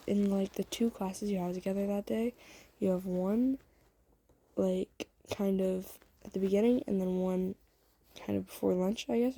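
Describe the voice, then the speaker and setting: A woman's voice: medium pitch, gravelly, mellow, a little hiss or hum. A woman casually telling a second-person fan story, rambling and correcting herself with many fillers. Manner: rambling, lots of "like" and self-corrections. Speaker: storyteller and channel host.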